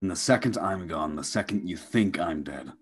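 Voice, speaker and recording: A woman voicing a bitter, jilted male ghost who hurls accusations in a low, clipped voice. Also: wildly swooping pitch, a little slow, creaky, darkish tone, slightly rough, exaggerated voice.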